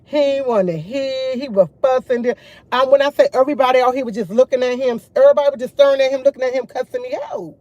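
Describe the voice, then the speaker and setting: A young woman vlogging to her viewers, retelling a run-in in an animated, emphatic way with slang and swearing. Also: high voice, fast, no echo, highs cut off. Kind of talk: casual storytelling chat.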